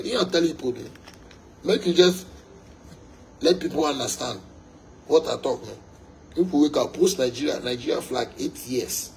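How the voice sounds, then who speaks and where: A man's voice: medium pitch, brisk, a little mellow, slight background noise, rough recording. A young Ghanaian man, a musician, delivering a fiery, emphatic monologue to his fans, repeating his points and slipping into pidgin.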